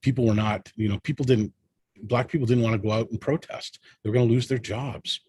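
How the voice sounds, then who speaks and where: A man's voice: medium pitch, fairly even intonation, a little fast, a little mellow, slightly rough, no room sound. A man speaking as a panel guest in an impassioned discussion, emphatic and rallying, often tagging his points with "right?".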